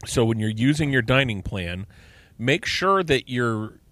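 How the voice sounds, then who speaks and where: A middle-aged podcast co-host chats casually and enthusiastically, asking plenty of questions. His mid-range voice is a bit bright, with lively intonation and an unhurried pace.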